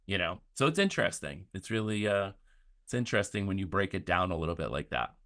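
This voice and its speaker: A man's voice: sits low, animated, fast, a bit bright. A man chatting casually as a podcast guest, rambling with many "like" fillers. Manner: rambling, filler-heavy talk with lots of "like".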